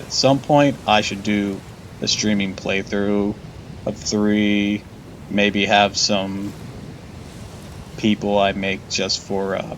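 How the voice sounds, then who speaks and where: A man's voice: fairly low pitch, slight background noise, poor audio. A man streaming a game live, chatting casually, laughing often and swearing.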